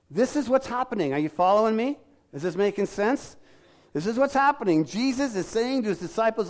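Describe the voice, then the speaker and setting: A man's voice: high-pitched, animated, fairly quick. A middle-aged man preaching a sermon in a conversational way, acting out quoted lines and asking the congregation questions. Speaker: pastor.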